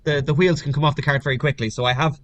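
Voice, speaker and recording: A man's voice: fairly high pitch, fairly even intonation, very fast, fairly bright tone, dry recording, dull audio. An Irish man, an actor, chatting in a friendly, articulate way as a guest over a video call. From Ireland. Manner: friendly, articulate, occasional restarts.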